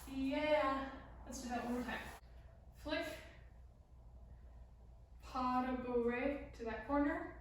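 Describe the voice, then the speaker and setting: Slow and high-pitched, with fairly even intonation and long pauses, a young woman demonstrates a beginner dance routine while explaining it. She counts the beats and sings pieces of the lyrics, sometimes sounding out of breath, in a relaxed tutorial. The room is very echoey, she's far from the mic, and slight background noise is present.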